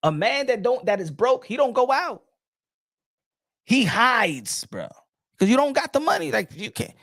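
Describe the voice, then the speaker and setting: High-voiced blunt man ranting about boxing. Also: sing-song, measured pace, gravelly, a bit bright, dry recording, studio quality. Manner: blunt, profane, repeats words and restarts. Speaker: boxing podcast host. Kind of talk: casual opinion rant.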